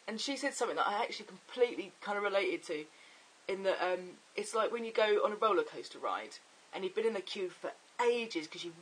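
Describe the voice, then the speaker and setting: A young man chatting excitably and rambling in a casual video diary. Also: high-pitched, husky, poor audio. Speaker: vlogger.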